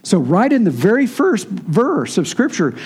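A man's voice: sits high, huge pitch swings, unhurried, a little mellow, husky. A man preaching a sermon, teaching in a conversational way and answering his congregation. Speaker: pastor.

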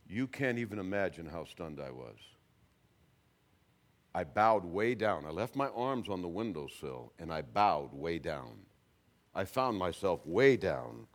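An older man shares his testimony before an audience. His pitch rises and falls in lively swings. He drops to a hush and then bursts out loud as he talks. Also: unhurried, long pauses. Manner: animated storyteller, swings from hushed to loud. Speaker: speaker giving testimony.

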